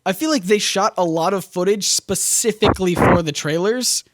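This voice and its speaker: A man's voice: high-pitched, moderate pace, very noisy. A young man co-hosting a podcast, chatting casually about a film, rambling and correcting himself as he acts out lines. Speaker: podcast co-host.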